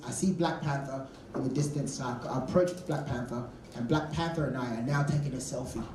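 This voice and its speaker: A man's voice: on the high side, normal speed, distant mic. A man doing a live stand-up comedy set, telling crude, swearing stories with stammered restarts. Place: comedy club stage. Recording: roomy club sound from off-mic, with audience noise. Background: audience laughter.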